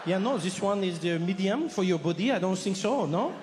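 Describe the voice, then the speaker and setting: A man's voice: high voice, animated, fairly quick, big-room sound, background noise. A man voicing a snooty male shop assistant in a mock French accent, blunt and condescending. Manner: blunt, condescending, ends with "no?" and "okay?".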